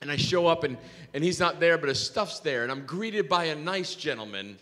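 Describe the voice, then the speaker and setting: A male pastor with a high, bright voice preaches in an animated, storytelling manner, poking fun at himself. His words carry a long reverb from the church hall around him. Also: normal speed. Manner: animated storytelling with self-mocking humor. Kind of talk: sermon. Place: church sanctuary.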